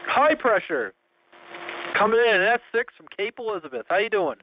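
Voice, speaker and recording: A man's voice: high voice, sing-song, normal speed. A man running a radio check-in, chatty and joking, laughing often. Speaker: net control host of a radio check-in. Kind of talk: casual radio chat. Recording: muffled audio with faint noise.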